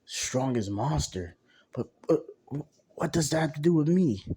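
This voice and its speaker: A man voicing a brash young male pirate who is easily shocked, speaking in a loud, disbelieving way. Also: fairly high pitch, expressive, a little slow, slightly rough, pitched above the performer's own voice. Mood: puzzled.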